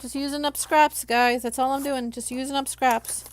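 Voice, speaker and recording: A woman's voice: sits high, fairly even intonation, moderate pace. A young adult woman from Los Angeles, chatting casually on a live stream and talking viewers through each crafting step.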